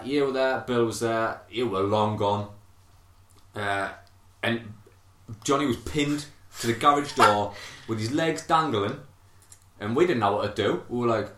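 Thirty-something male podcast host, sweary storyteller, mid-pitched, echoey room. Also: a bit bright. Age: 30s. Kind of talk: casual chat, storytelling.

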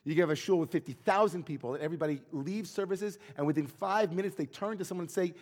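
Earnest rabbi preaching in an echoing hall. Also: male voice, sits high, a little fast, few pauses. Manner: earnest, reflective, searching questions. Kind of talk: sermon.

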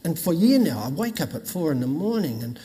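A man's voice: on the high side, very animated, fast talker, mellow. An older man, preaching a sermon with folksy stories and jokes. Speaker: pastor. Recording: long reverb in a hall.

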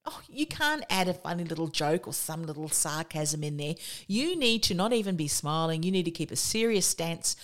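Fast, emphatic woman podcast coach. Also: on the low side. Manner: speaks quickly and emphatically; energetic, repeats points for emphasis. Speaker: business coach and podcast host. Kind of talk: motivational podcast talk.

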